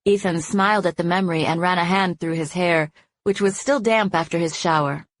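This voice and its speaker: A woman reading a first-person romance audiobook, narrating smoothly and giving the heroine's lines a lively, playful voice. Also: on the low side, a little fast.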